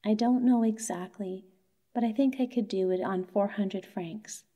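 A petulant young wife, read by a woman, sulky and self-pitying in a storybook tale. The tone stays dark and mellow throughout. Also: medium pitch, unhurried, highs cut off, close to an everyday voice. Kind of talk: bedtime story reading.

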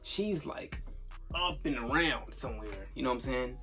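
A man's voice: mid-range voice, animated, moderate pace, sharp tone, faint music behind. A young man telling a casual storytime vlog, rambling and swearing, with lots of filler tags. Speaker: storyteller vlogger.

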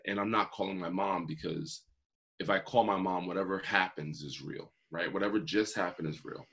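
In an interview, a male guest in his forties who works as a motivational speaker tells his personal story with earnest vividness, acting out quotations. He speaks at a moderate pace in a low, creaky voice that is a bit bright and slightly rough.

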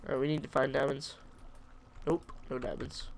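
A man's voice: medium pitch, flat delivery, moderate pace, gravelly, a little hiss or hum. A man giving casual commentary over his own gameplay, chatty and jokingly self-pitying, talking back to the creatures in the game. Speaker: let's play gamer.

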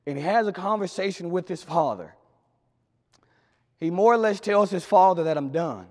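A man preaching a sermon in a church, swinging from loud emphatic lines to quiet low drops. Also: expressive, moderate pace. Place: church sanctuary. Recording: long hall reverb.

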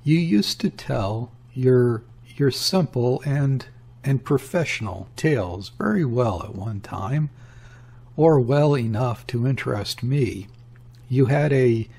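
A capricious woman lover, read by a man in a storybook, her words fluttering and a touch unsteady. The voice is husky and unhurried. There is a petulant insistence under it. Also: medium pitch, a little mellow, full character voice. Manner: fluttering, slightly unsteady intonation.

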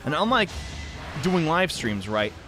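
A young man from the American South giving rambling, self-deprecating, excitable commentary while playing a video game. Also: a little high, measured pace. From Southern United States. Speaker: let's play commentator. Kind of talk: casual gameplay commentary. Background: faint game music.

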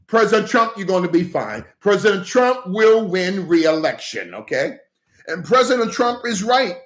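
A man hosting a heated political livestream, animated and breaking into shouts, thanking viewers for gifts. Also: sits high, moderate pace. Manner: animated, breaks into shouts, repeats okay, coughs. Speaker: livestream host addressing viewers as pastors. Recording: echoey room.

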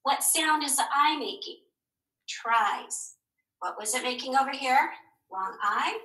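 A woman teacher giving a recorded phonics lesson to young children, slow and encouraging, asking questions and answering them herself. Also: high voice, animated, pushed and bright. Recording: echoey room.

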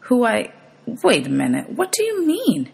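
A woman's voice: mid-range voice, very animated, unhurried, slightly rough, voice pushed up, full character voice. A woman reading aloud, voicing a bewildered teenage boy who fires off incredulous questions.

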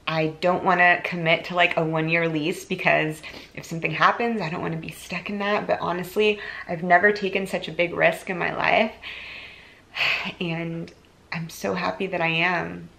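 A woman in her thirties vlogging to camera, earnest and emotional, talking warmly to her viewers with bits of laughter. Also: fairly low pitch, level tone, moderate pace, creaky, a little hiss or hum. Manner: earnest, tearful, chatty with laughs. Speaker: YouTuber and influencer.

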